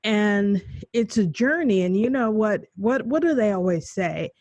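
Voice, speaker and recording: A woman hosting a faith interview show, relaxed and conversational, laughing easily. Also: medium pitch, a little slow, dry recording. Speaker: host. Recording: dull lo-fi sound, dry.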